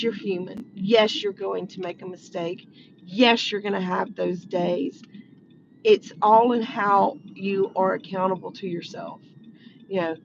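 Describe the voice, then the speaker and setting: A woman's voice: medium pitch, highs cut off, noisy background. A woman talking to viewers in an earnest, repetitive, encouraging way on a live stream from outside her workplace. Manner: earnest, repeats herself, talks to viewers directly. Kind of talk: casual inspirational monologue.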